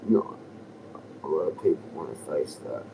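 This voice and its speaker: Brief: low, lively-pitched man, rambling and chuckling stream chat, whispery asides, far from the mic with outdoor noise. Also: moderate pace, vocal fry. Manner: loose and chuckling, often dropping to a whisper. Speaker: livestreamer.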